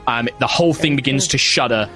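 A man narrates a tabletop role-playing game as its game master. His voice sits at an ordinary middle pitch. He talks loosely and casually, full of ums and little laughs. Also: fairly quick, bright, forceful tone, faint music behind. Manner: chatty, many fillers, laughs at own lines.

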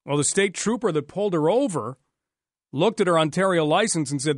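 A man's voice: fairly high pitch, lively intonation, fairly quick, no room sound, clean studio sound. A man from Canada hosting a radio talk show, chatty and sarcastic, sometimes joking in mock voices.

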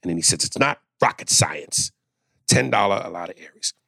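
A man's voice: sits low, lively intonation, fairly quick, gravelly, sharp tone, slightly rough, no echo, clean studio sound. A man co-hosting a podcast in casual, joking chat, swearing freely. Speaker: podcast co-host.

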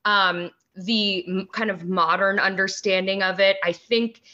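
A woman guest on a podcast, explaining things in casual chat with many pauses and ums. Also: medium pitch, fairly even intonation, bright, forceful tone, dull audio.

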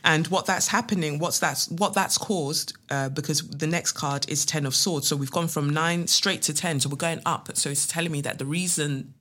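A woman talks through her podcast from her living room. Her voice is bright and forward. She chats in a loose, playful way, mixing jokes with earnest spiritual talk and a tarot reading. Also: deep voice, normal speed, hardly any pauses. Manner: chatty, playful and animated, with spiritual asides. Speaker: podcast host.

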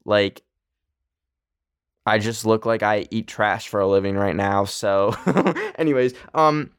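A man's voice: lowish voice, slow, smooth, dry recording, studio quality. A man hosting a podcast in casual chat, giddy and self-mocking, rambling off track and laughing at himself. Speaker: podcast host.

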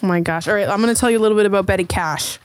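Fast-talking playful woman. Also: medium pitch, clean tone, no room sound. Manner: playful, teasing, quick storytelling. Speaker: podcast host. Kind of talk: casual chat.

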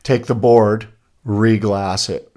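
A man co-hosting a casual podcast, telling stories and jokes in an animated way. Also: on the low side, slow pace. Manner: animated storyteller, rattles off lists. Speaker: podcast co-host. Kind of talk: casual chat.

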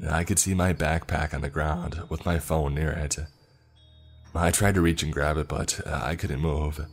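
A man reads a horror story aloud in a strikingly deep voice with a husky grain. His telling is steady and measured, and soft music hums faintly underneath. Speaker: narrator. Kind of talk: scripted horror story narration.

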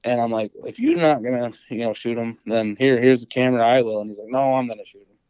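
A young man, a deer hunter appearing as a podcast guest, rambles casually through a hunting story packed with fillers and acted-out quotes. He talks fast at a medium pitch, his clean tone a little mellow. The recording is dry and lo-fi.

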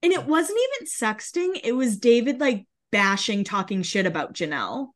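A woman co-hosting a casual pop culture chat, passing on gossip in an expressive, chatty way. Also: fairly high pitch. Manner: gossipy, expressive, quick asides. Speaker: podcast co-host.

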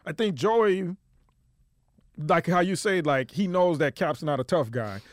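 A man's voice: a little slow, no room sound, clean studio sound. A man telling a story in casual podcast chat, acting out quotes with a rising voice, laughing and swearing freely. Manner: animated storytelling, acts out quotes in a high voice. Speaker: guest storyteller.

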